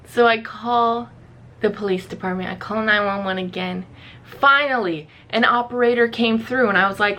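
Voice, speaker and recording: A woman's voice: on the high side, moderate pace, sharp tone. A young woman vlogger casually telling a story to camera, chatty and full of "like", acting out her own reactions. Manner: chatty, fills speech with "like", acts out her own past reactions.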